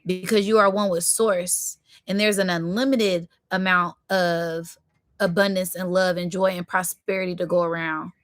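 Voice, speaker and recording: A woman giving a live spiritual tarot reading, talking in affirming, repetitive phrases that break into sudden excitement. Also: fairly low pitch, moderate pace, dry recording, clean studio sound.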